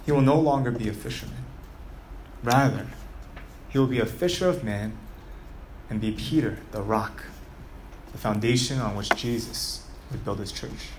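Man preaching with animated storytelling. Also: medium pitch, normal speed, pauses often, background noise. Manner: animated storytelling with rhetorical questions to the audience. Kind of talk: sermon.

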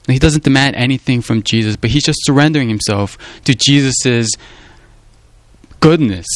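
A man delivers a sermon in an earnest, emphatic manner at an even middle pitch. He circles back on his words and keeps slipping in "you know" as he explains. The recording is dry, with no room echo. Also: moderate pace. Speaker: preacher. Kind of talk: sermon on a Gospel passage.

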